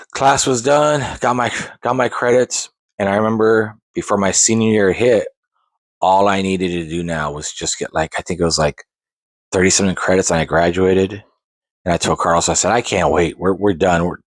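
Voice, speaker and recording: A man's voice: low-pitched, moderate pace, no echo. A man in his forties telling a long personal story as a podcast host, rambling with restarts and side digressions. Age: 40s. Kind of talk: casual storytelling monologue.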